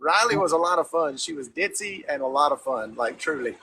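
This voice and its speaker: A man's voice: fairly high pitch, lively intonation, fairly quick, a loud crowd, low-quality recording. A man with a Southern US accent telling stories in a casual livestream chat, talking through a phone. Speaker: former reality show contestant.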